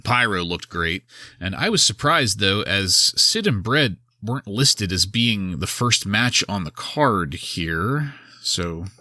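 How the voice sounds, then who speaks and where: A man's voice: deep voice, pushed and bright, no echo, studio quality. A man hosting a wrestling podcast, recapping an old episode in a wry, sarcastic casual style. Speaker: podcast host.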